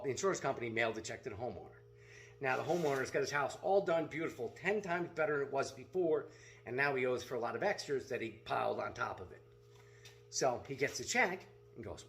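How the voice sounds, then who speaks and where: A man's voice: medium pitch, animated, fast, creaky, a bit bright, a little hiss or hum. A middle-aged man telling a story in a blunt, profane, casual vlog rant as a seller of self-defense gear.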